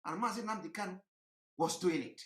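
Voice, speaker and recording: Man, impassioned livestream commentary, forceful bright tone, preachy, repetitive, roomy echo. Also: fairly quick. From Nigeria. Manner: preachy, repetitive, rhetorical questions, swings between shouting and low tones. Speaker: online broadcaster.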